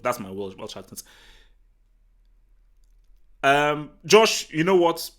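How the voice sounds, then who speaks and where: A man from Nigeria hosting a live football talk stream, chatting casually and answering the chat in an excitable, rambling way full of restarts. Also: mid-range voice, a little slow, long pauses. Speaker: football talk show host. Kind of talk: casual livestream commentary, reading the chat.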